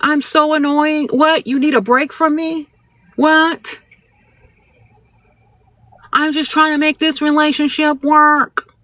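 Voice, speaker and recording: A woman's voice: high-pitched, little pitch movement, slow, pauses often, fairly bright tone, no echo, recorded from a distance, voice pushed up. A woman mockingly imitating a whiny, controlling girlfriend who nags her partner.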